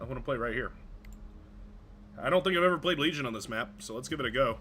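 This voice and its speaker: A man's voice: mid-range voice, expressive, fast, bright, forceful tone, slight background noise. A man streaming a video game live, chatting casually and rambling, often stumbling over his own words.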